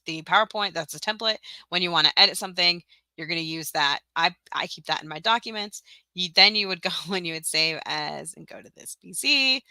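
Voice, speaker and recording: Chatty woman with a gravelly, bright voice. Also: low voice, no echo. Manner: chatty, scattered, frequent ums and self-corrections, mutters asides. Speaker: teacher-seller running a tutorial livestream. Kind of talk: casual screen-share tutorial.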